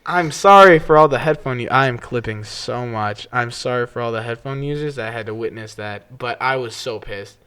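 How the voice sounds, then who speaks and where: A young man co-hosting a podcast in casual chat, telling stories with lively energy and yelling when quoting others. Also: mid-range voice, moderate pace, few pauses, slight background noise. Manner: animated storytelling, yells when quoting others. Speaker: podcast co-host. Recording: clipping on loud moments.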